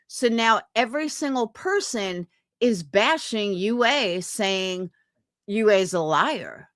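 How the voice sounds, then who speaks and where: A young woman streaming live reads comments and rants to her viewers, indignant and swearing, mimicking people in put-on voices. She speaks slowly with lively intonation in a medium-pitched, slightly bright voice, recorded dry at studio quality.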